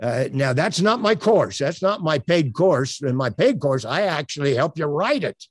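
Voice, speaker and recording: An older man coaching on elevator pitches in an online presentation, earnest and promotional, with many uhs. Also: sing-song, moderate pace, husky, no echo. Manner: filler-heavy, earnest, promotional. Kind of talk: webinar presentation. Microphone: webcam on a tripod.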